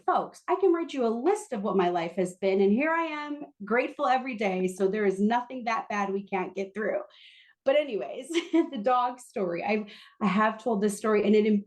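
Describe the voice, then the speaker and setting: A woman guest on a podcast interview, telling a candid, self-deprecating story about work with quick asides. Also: fairly high pitch.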